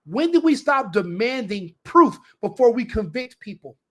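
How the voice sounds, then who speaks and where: A man with a high-pitched voice rants through political commentary on his podcast. He presses the same demands again and again and swears freely. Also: very animated, normal speed, fairly bright tone. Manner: ranting, repetitive demands, swearing. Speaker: podcast host.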